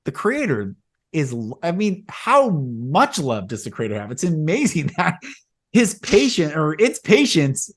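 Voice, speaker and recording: A male podcast host in casual spiritual conversation, telling long rambling stories that grow animated as he retells them. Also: fairly high pitch, measured pace.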